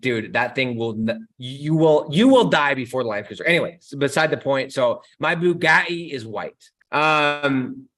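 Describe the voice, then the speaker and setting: Young guy hosting a live q&a, pumped and slangy, talks right to the chat, mid-pitched voice. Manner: energetic and slangy, addresses viewers directly. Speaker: host answering live chat questions. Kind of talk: casual live Q&A stream.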